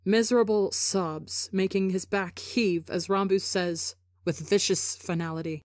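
A woman reading a story for a podcast, narrating in a measured, emotive way. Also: medium pitch, steady tone, dry recording, studio quality. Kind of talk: dramatic audiobook narration.

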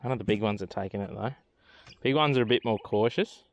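A man's voice: fairly low pitch, fast talker, no room sound, muffled recording. An Australian man on a boat outdoors, giving casual, chatty commentary as he fishes and talks to the fish he catches. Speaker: fishing vlogger.

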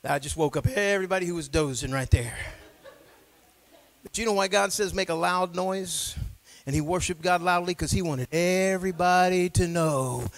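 A man preaching a sermon as pastor, swinging between quiet low talk and loud shouting, with call-and-response asides to the congregation. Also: moderate pace, rough recording.

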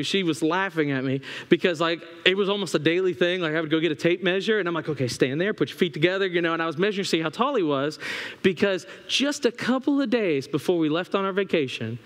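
A man who is an assistant pastor, preaching a sermon with animated, humorous storytelling on a church stage. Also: sits high, fairly quick. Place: church sanctuary. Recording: long hall reverb in church.

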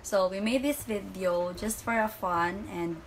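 A woman's voice: mid-range voice, a little slow, distant mic. A mother with a Filipino accent, hosting a casual home vlog and switching between English and Filipino with giggles. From Philippines. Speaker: mother and vlogger. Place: home, during a power outage. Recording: noisy home recording.

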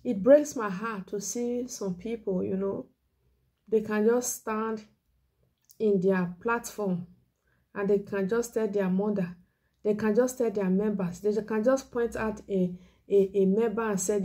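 A woman's voice: medium pitch, fairly even intonation, unhurried, mellow. A woman evangelist preaching an emotional sermon, pleading earnestly, repeating her points and sometimes dropping to a whisper. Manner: drops to a whisper on key words. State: emotional, near tears. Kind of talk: exhortation sermon.

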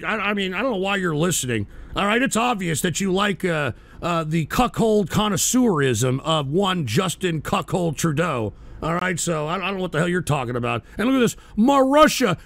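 A man's voice: sits high, vocal fry, a bit bright. A male show host ranting in anger at his chat, swearing and stumbling over restarts. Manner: heated, profane, stumbling restarts. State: agitated, shouting at times. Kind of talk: angry political rant reading chat.

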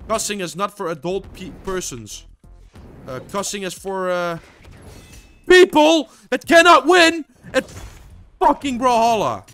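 A man giving live gameplay commentary. He swears constantly and swings between muttering and loud frustrated outbursts. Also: a little high. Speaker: gaming video creator.

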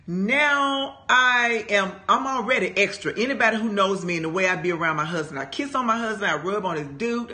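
A woman in her fifties shares a personal testimony during a Bible study. Her voice is bright and forceful, and her storytelling is animated and emphatic, as if she is talking right to a room of friends. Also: medium pitch. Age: 50s. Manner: animated, emphatic storytelling, addressing listeners as "y'all".

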